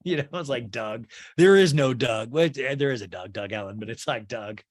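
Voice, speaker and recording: A man hosting a comedic TV recap podcast, animated and profane, acting out quotes. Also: medium pitch, moderate pace. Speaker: podcast host.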